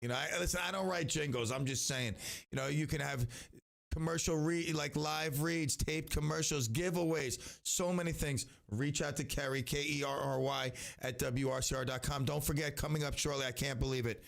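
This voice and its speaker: A middle-aged man hosting a local radio show in casual chat, rambling and self-interrupting, now and then breaking into loud singing. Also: fairly high pitch, fairly even intonation, normal speed, creaky.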